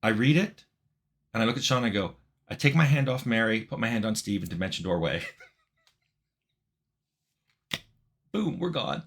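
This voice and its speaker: A middle-aged man casually telling a funny anecdote in a relaxed, wry way, sometimes laughing as he goes. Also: on the low side, fast. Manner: relaxed, wry, laughs at his own story. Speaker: game developer telling a story.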